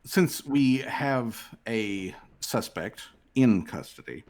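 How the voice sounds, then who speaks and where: A man voicing a courteous male city official in a tabletop game, speaking slowly and formally with filler pauses. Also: medium pitch, animated, a little mellow. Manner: slow, formal, hesitant with fillers.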